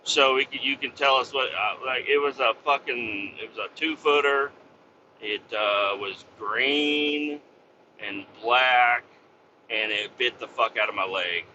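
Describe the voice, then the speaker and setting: Host, male, sharp bright voice, swears and rambles, slightly muffled lo-fi recording. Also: medium pitch, a little slow, slight background noise. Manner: profane, rambling, full of fillers. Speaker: podcast host. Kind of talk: casual rambling monologue.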